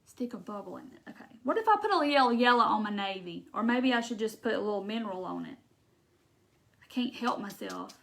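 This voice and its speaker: A woman's voice: mid-range voice, expressive, a little fast, creaky. A woman with a Southern accent, hosting a casual live crafting chat, talking her way through each step and laughing often. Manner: chatty, folksy, laughs often, thinks aloud. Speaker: craft livestream host.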